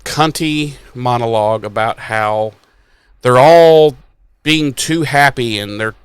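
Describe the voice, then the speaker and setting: A man's voice: medium pitch, takes it slowly, clean tone, no echo. A man co-hosting a podcast, recapping a show in crude, exasperated casual chat and acting out the characters' lines. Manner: crude, exasperated, acts out quotes. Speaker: podcast co-host.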